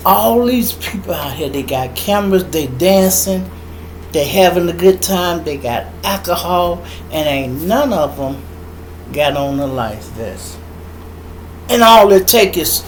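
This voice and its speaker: A middle-aged man with a Chicago accent hosting a podcast, telling a story in an animated, profane monologue and acting out voices and sound effects. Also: high-pitched, measured pace, a little hiss or hum, rough recording. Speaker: podcast host.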